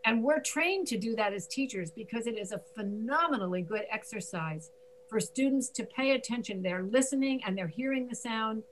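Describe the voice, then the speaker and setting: A woman's voice: on the high side, expressive, normal speed, slight background noise, rough recording. A woman teaching English pronunciation in an online class, patiently repeating and demonstrating sounds. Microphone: video call.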